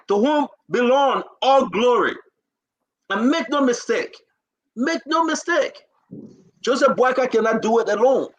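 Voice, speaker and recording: A Liberian man with a high, piercing voice speaks in a declamatory political address. He is emotional and holds back tears, hammering home his points by repeating phrases. His tone is bright and forceful throughout. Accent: Liberian English. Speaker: talk show host. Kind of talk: impassioned political speech.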